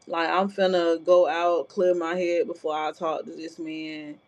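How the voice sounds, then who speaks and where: A woman vlogger with a deep, slightly mellow voice speaks unhurriedly and flatly, sharing a personal story in a casual, blunt and profane manner with frequent filler asides. The sound is dull and lo-fi.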